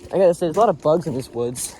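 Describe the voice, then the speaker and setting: A man's voice: on the high side, expressive, very fast, dark tone, a little hiss or hum. Rambling young man vlogging in the woods. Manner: rambling, earnest pep talk with crude slang. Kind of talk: casual vlog chat on a walk. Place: outdoors in woods. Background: faint birds and insects.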